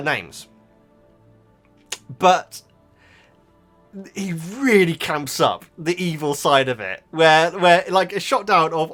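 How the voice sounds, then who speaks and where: A man's voice: a little high, a bit bright. A man chatting casually and rambling with enthusiasm as he reviews a book, laughing often. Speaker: YouTube reactor.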